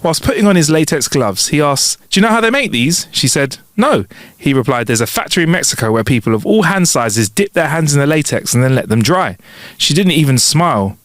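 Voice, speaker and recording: Playful man reading jokes, lively pitch. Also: brisk, no room sound, studio quality. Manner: playful, chuckling joke delivery. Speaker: podcast co-host. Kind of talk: reading listener jokes aloud.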